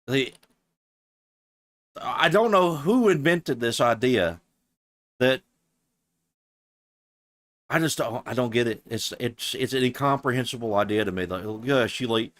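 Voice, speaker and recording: A man streaming, reacting to a clip with sarcastic, profane, flatly delivered commentary. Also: mid-range voice, no room sound. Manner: flat deadpan delivery.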